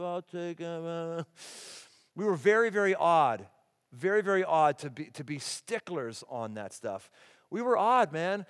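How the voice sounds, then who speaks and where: A middle-aged man preaching a sermon as pastor, animated and emphatic, acting out the people he quotes. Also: sits high. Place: large church auditorium. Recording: long hall reverb.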